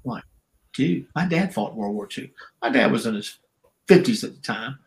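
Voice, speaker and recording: An older man with a gravelly, creaky edge to his voice, chatting as an interview guest. He rambles through stories, laughs a lot and acts out voices along the way. His pitch sits in the middle for a man. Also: lively intonation, moderate pace, low-quality recording. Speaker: guest, former wrestler and referee. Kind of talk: casual interview storytelling.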